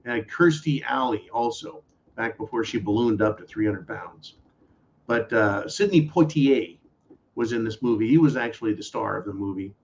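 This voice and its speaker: A man's voice: fairly low pitch, normal speed, a little hiss or hum. A man hosting a political talk show, ranting bluntly with profanity and mockery. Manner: blunt, profane, angry and mocking. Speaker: podcast host. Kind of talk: political commentary rant. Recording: dull lo-fi audio.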